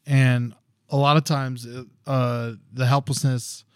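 A man's voice: medium pitch, flat delivery, slow pace, clean tone, dry recording, studio quality. A young man co-hosting a podcast, chatting casually and ranting bluntly with plenty of swearing. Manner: blunt, profane, heated rants. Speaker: podcast co-host. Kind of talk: casual chat.

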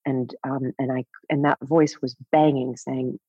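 A woman in her fifties, a podcast guest telling a personal story candidly, with a breathy voice, laughing often and swearing casually. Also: rumbling low, flat delivery, measured pace, dark tone, dry recording. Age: 50s. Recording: dull, dry podcast audio.

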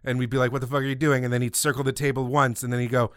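A man's voice: medium pitch, rapid-fire, dry recording, clean studio sound. A man co-hosting a podcast, telling stories in a loose, joking way, often laughing and acting out quotes. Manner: animated storyteller, laughs often, acts out quotes. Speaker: podcast co-host. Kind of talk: casual comedic chat.

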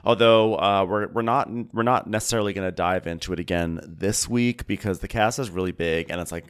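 A man's voice: sits low, a little fast, smooth. A man co-hosting a podcast, chatting casually and laughing often while recapping a reality show. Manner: laughing, chatty, playful asides. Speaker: podcast co-host. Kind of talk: casual comedic recap chat.

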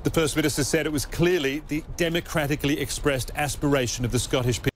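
A man delivering a formal broadcast news report in a measured voice. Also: a little high, fairly even intonation. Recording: news clip with faint background noise.

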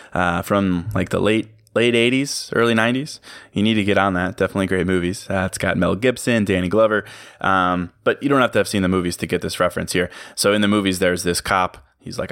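Young male podcast host, very deep voice, casual and upbeat, dry close recording. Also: fairly bright tone, dry recording. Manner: casual, upbeat, chatty with laughs and fillers. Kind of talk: solo motivational podcast talk.

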